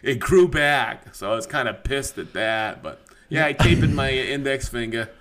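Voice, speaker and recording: A man telling a near-miss woodworking story on a podcast in a lively, profane, laughing manner. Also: mid-range voice, moderate pace, noisy background.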